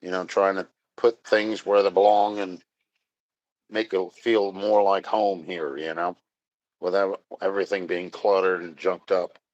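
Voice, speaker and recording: A man's voice: low voice, little pitch movement, measured pace, no room sound. A man chatting casually on a live stream, rambling, joking and answering chat. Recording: dry, dull lo-fi sound.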